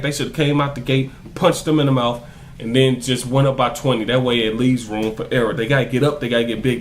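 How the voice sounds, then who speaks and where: A man's voice: mid-range voice, a little hiss or hum. A young man vlogging an angry, profane rant as a die-hard basketball fan, repeating himself for emphasis. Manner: heated, profane, repetitive emphasis. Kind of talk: ranting sports commentary to camera.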